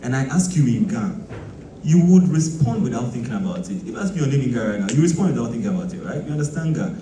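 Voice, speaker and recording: A Ghanaian bass player explaining music in a casual, animated teaching talk, full of rhetorical questions. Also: male voice, quick pace. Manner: animated, mixing quoted voices and rhetorical questions. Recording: echoey room, mic from far off, noisy.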